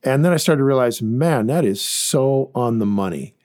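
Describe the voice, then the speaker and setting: Male podcast co-host, mid-pitched, animated and rambling, casual investing talk. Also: normal speed. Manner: animated, rambling with restarts and fillers.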